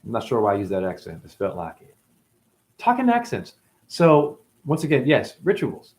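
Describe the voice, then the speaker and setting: A man talking as a spiritual teacher in a rambling, profane casual monologue that swings between loud and muttered. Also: lowish voice, animated, brisk.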